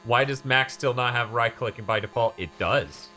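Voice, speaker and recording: A man's voice: medium pitch, moderate pace, pushed and bright, slight background noise. A man hosting a casual podcast, telling stories animatedly and swearing casually. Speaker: podcast host. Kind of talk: casual chat.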